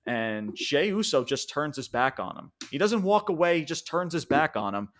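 A man co-hosting a podcast, recapping a wrestling show in an excited, rambling way with restarts and casual swearing. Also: fairly high pitch, normal speed. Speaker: podcast co-host.

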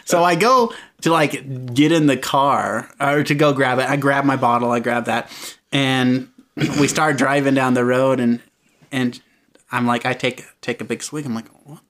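A young man telling a comic anecdote in casual chat. He laughs often and jumps high in pitch when he acts out voices. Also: fairly even intonation, moderate pace, fairly bright tone.

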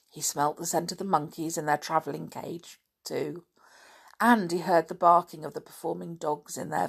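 A woman narrating a children's storybook in a calm, unhurried reading. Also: on the low side, creaky, slightly rough.

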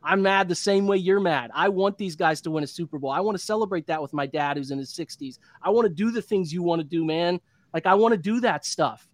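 A man's voice: high-pitched, brisk, no room sound. A man in his thirties hosting a postgame sports show, venting in an impassioned, repetitive rant. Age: 30s. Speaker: podcast host.

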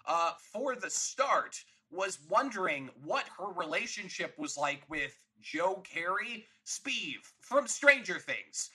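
A man talks through a film in an easy, chatty way, often breaking into laughter. His voice sits high and has a husky edge. The tone is bright and forward. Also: sing-song, slow, hardly any pauses, poor audio. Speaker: podcast co-host. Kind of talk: casual movie discussion.

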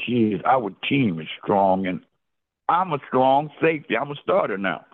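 A man's voice: mid-range voice, very animated, a little slow. An older man, a former football player, telling his story as an interview guest in an emotional way, repeating his words and exclaiming often. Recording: phone-line call audio.

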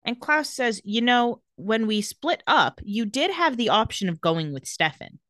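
A woman's voice: on the high side, sing-song, unhurried, a bit bright, dry recording. A young woman co-hosting a casual chat, retelling TV scenes and quoting the characters. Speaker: podcast co-host recapping a TV episode.

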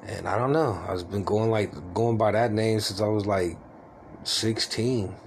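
A man's voice: fairly low pitch, a little slow, slight background noise. A man in his forties rambling in a casual, confiding vlog about his life, his luck and his name. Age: 40s. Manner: rambling, confiding, self-deprecating.

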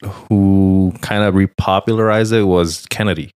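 Man, fairly low voice, dry close sound, laid-back, cursing, podcast banter. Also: fairly even intonation, unhurried, darkish tone, clear, resonant tone, no echo. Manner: laid-back, swears a lot, rambling asides. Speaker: podcast co-host. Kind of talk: casual chat.

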